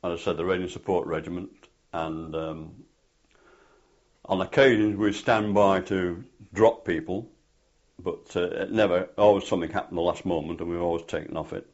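A man's voice: sits low, fairly even intonation, normal speed, darkish tone. An older man telling rambling anecdotes with many fillers in an oral history interview. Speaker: interviewee, former parachute instructor. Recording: dull lo-fi tape recording.

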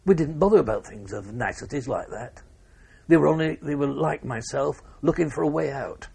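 Gravelly older veteran recalling war. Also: male voice, medium pitch, expressive, a little mellow. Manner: measured recounting with pauses and restarts. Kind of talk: oral history interview.

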